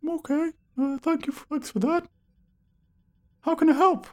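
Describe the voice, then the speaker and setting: Woman voicing a creepy space clown, squeaky mouse falsetto, very high, innocently puzzled. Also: steady tone, moderate pace, darkish tone, natural voice.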